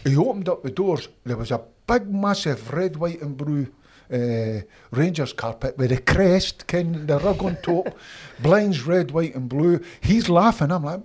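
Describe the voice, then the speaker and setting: Scottish ex-footballer telling stories. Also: male voice, fairly high pitch, moderate pace. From Scotland. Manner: animated anecdotes, acts out quoted voices. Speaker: interview guest, former footballer. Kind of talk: storytelling in casual interview.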